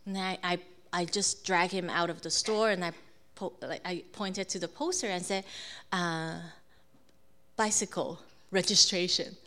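A woman telling a personal testimony with animated storytelling, quoting others and using frequent fillers. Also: fairly low pitch, measured pace. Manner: animated storytelling with quoted voices.

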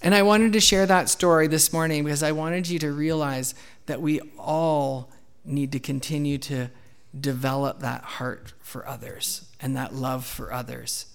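A man's voice: fairly high pitch, fairly even intonation, a little slow, vocal fry, clear, resonant tone. Storytelling man preaching a sermon. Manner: candid storytelling, acts out his own outbursts loudly. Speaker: pastor.

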